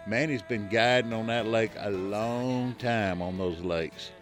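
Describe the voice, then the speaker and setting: A man's voice: fairly low pitch, measured pace, faint music behind. A man hosting a radio show, talking in a folksy, easygoing and chatty way. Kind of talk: casual radio chat. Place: radio studio. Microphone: studio microphone. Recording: dry studio sound.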